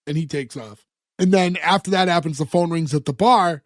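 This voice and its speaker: A man's voice: on the high side, brisk, no room sound, clean studio sound. A man co-hosting a podcast, casually recapping a TV episode and quoting the characters as he goes. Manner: retells scenes, quoting characters in passing. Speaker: podcast co-host.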